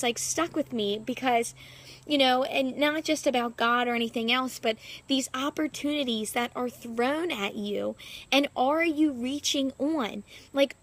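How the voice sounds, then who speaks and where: Outdoors in her backyard, a young woman who works as a fitness coach chats casually with her followers in a high, fairly bright voice. Her vlog monologue rambles, and she packs her sentences with "like".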